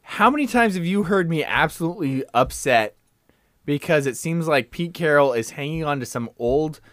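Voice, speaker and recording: A man co-hosting a sports podcast, chatting casually, animated, exclaiming and joking. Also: fairly high pitch, moderate pace, no room sound, studio quality. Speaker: podcast co-host. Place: room with a window open.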